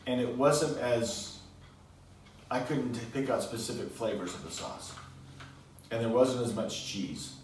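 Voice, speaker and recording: A man's voice: medium pitch, unhurried, pauses often, a little mellow, a little hiss or hum. A middle-aged father thoughtfully describing food in casual family chat at home. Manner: thoughtful, analytical. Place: home kitchen table. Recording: roomy and distant.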